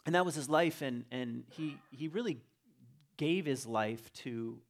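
A middle-aged man giving a relaxed, conversational talk, telling a family story with frequent restarts and fillers. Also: medium pitch, a little slow. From Virginia.

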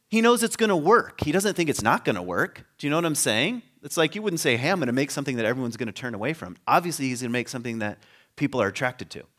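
A man's voice: mid-range voice, a bit bright. A man giving an informal teaching talk on biblical history, conversational, with frequent laughs and rhetorical questions to the listeners. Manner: conversational, laughs often, trails off and restarts.

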